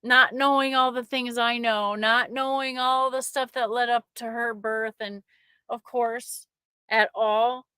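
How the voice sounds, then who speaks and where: A middle-aged woman sharing a personal faith testimony with an online audience, emotional and halting, often restarting her sentences. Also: a little high, fairly even intonation, pushed and bright, smooth, no room sound, studio quality.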